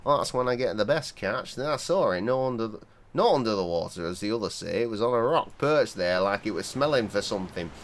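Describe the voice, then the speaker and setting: A man voicing a weathered, superstitious old fisherman, reading game dialogue aloud in a gruff, folksy manner. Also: fairly low pitch, animated, fairly quick. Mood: grim.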